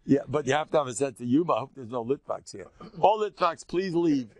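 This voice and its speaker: A man's voice: mid-range voice, racing. An older man, a rabbi giving a rambling, joking religious lecture and teasing his listeners.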